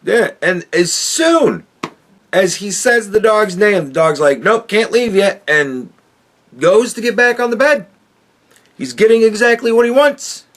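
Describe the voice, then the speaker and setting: A man's voice: high voice, sing-song, a little slow, a bit bright. A man hosting a podcast, ranting crudely and mockingly with heavy swearing as he reacts to a clip. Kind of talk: profane ranting commentary.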